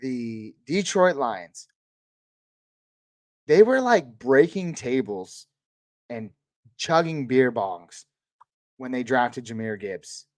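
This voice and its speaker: A man hosting a live-stream Q&A, answering viewer questions in a relaxed, chatty way and calling people dude and man. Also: medium pitch, slow pace, long pauses, dry recording. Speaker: host of a live fantasy football Q&A stream.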